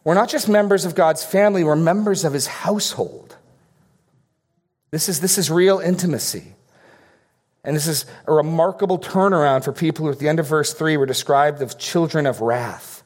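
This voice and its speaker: A man's voice: fairly high pitch, normal speed, a little mellow. Earnest pastor preaching, man. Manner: earnest teaching with fill-in-the-blank outline points. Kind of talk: sermon.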